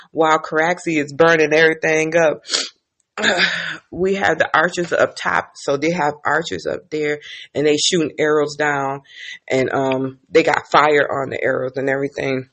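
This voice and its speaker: A woman's voice: low-pitched, steady tone, normal speed, fairly bright tone. A woman casually recapping TV episodes, chatty and profane, laughing as she tells the story. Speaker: TV recap vlogger.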